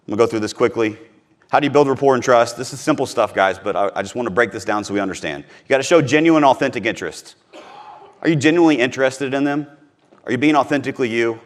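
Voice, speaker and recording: A man from Missouri giving a live sales training talk to a room, emphatic and repeating his key points. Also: mid-range voice.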